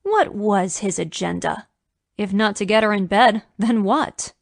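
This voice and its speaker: A woman narrates a romance audiobook in a measured storytelling manner, at a middle pitch. The recording is dry and close, with no room sound. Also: creaky, dry recording.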